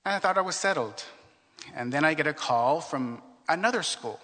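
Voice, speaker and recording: A man from California telling his life story in a reflective, earnest way, with many fillers and pauses. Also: on the high side, lively intonation, sharp tone, long reverb tail. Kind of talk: personal storytelling.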